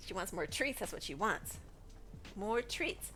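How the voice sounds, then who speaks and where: A woman's voice: mid-range voice, sing-song, extremely slow, long pauses, pushed and bright, soft background music. Chatty woman streamer with allergies. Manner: chatty and rambling, asides to her pet. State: allergy-stuffed voice. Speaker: game streamer. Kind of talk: casual chat while gaming. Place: at home.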